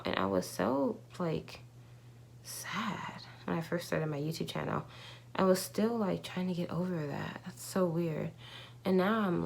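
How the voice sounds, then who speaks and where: A young woman speaks to her camera in a loose, confessional way, circling back on herself with lots of fillers. Her voice sits low and has a gravelly fry running through it. Her talk feels candid and unscripted. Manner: rambling, candid, many fillers and restarts. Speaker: vlogger. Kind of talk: casual confessional vlog.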